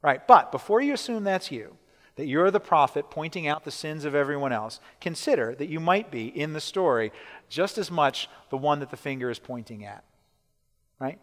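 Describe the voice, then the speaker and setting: Male pastor, sermon, emphatic, slightly high voice, long reverb. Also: lively intonation, a bit bright. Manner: emphatic, repeats key points, slows for emphasis; asks the listeners questions. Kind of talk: sermon teaching.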